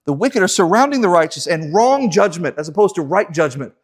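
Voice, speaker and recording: A man's voice: high voice, animated, fairly quick, hardly any pauses. A man teaching a casual Bible class in a church, joking and acting out the people he quotes. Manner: joking, acts out quoted voices.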